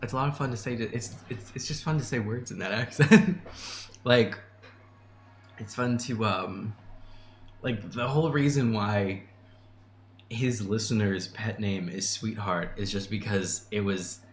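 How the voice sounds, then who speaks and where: A man's voice: fairly low pitch, a little slow, slight background noise. A man hosting a casual livestream, reading and answering chat messages in a chatty way, laughing often and restarting his sentences. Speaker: channel host answering chat. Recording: echoey room with faint ambience.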